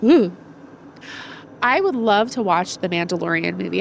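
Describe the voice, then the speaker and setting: A woman's voice: lowish voice, expressive, normal speed, gravelly, pauses often, slight background noise. A young woman streaming a video game, congested and chatting in a rambling way with her viewers. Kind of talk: casual let's-play commentary.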